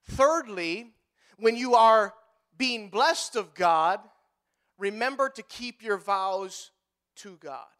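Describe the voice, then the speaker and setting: A man preaching as a pastor, swinging between hushed lines and loud, pleading outbursts, with emphatic repeated phrasing. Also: sits high, animated, slow, smooth. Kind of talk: preaching a sermon.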